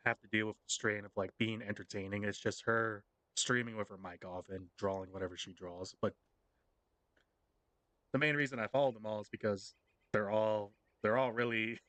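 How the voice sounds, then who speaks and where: A man's voice: lowish voice, pushed and bright, no echo. A man chatting casually on his live game stream, rambling with fillers and frequent laughs.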